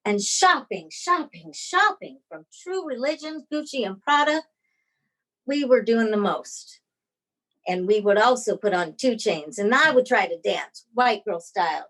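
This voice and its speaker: A woman's voice: medium pitch, measured pace. A woman performing a dramatic personal story over a video call. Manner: dramatic, expressive delivery.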